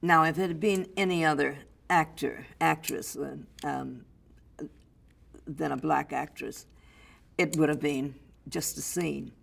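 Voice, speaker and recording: Older actress, interview guest; slow, gravelly storyteller who mimics others. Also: female voice, sits low. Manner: lively storyteller, acts out others' voices. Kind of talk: anecdotal storytelling.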